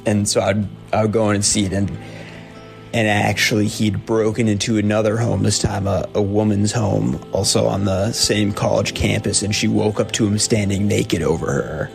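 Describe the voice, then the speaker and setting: A young man telling a personal story in a halting way, with nervous laughs. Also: lowish voice, steady tone, creaky, faint music behind.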